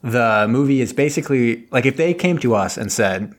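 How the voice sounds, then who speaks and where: A man's voice: mid-range voice, lively intonation, moderate pace. A man co-hosting a podcast from home over an internet call, recapping a movie in a rambling, laughing way with many restarts. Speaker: podcast co-host. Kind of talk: casual movie recap chat.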